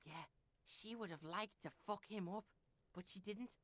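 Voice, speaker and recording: A woman's voice: medium pitch, normal speed, a little hiss or hum, close to an everyday voice. A woman voicing a cocky, foul-mouthed street boy in a video game who talks about himself in the third person. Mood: defensive.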